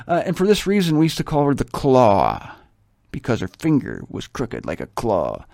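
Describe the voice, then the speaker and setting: An older man from Ohio reads scripture slowly and keeps stopping to marvel at it. His commentary is enthusiastic and full of rambling stories. The sound is close and dry, with a mid-range pitch. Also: wildly swooping pitch, vocal fry, a little mellow, no echo. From Ohio, USA. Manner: enthusiastic, storytelling, exclaims often. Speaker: Bible reader and commentator. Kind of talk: scripture reading with digressive commentary.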